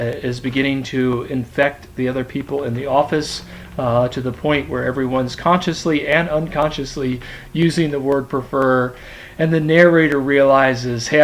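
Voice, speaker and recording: A man's voice: medium pitch, slight background noise, rough recording. A man lecturing on a story as a literature teacher, talking in a hesitant way with many ums. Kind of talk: classroom lecture.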